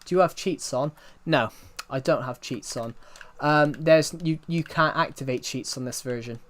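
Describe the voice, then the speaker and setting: A man's voice: medium pitch, moderate pace, fairly bright tone. A young man from the UK with a British accent that is not from London. He chats casually on a game live stream, rambling, repeating himself and saying "um" often. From United Kingdom. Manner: rambling, repeats himself, frequent "um" and "if you get what I mean".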